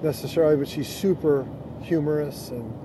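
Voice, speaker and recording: A middle-aged man, a pastor, chatting casually on earphones from inside a car, reading scripture slowly and then talking loosely with fillers. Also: fairly high pitch. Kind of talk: casual chat on a social audio app. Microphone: earphones with mic. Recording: clear car and road noise.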